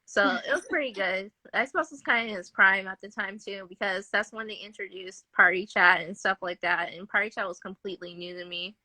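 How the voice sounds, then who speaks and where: A woman appears as a guest game developer on a casual podcast held over a live video call, chatting about the games she is building and laughing often between remarks. Her medium-pitched voice is a little fast and sharp in tone, with few pauses. The recording, from a phone or webcam mic on a live stream, has no echo.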